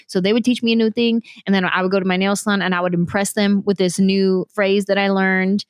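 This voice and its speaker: Woman from San Jose telling animated stories as a talk show guest, dry studio mic. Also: mid-range voice, clear, resonant tone, no echo. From San Jose, California. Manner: animated, fast storyteller who acts out quotes. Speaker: comedian guest. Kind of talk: casual interview storytelling.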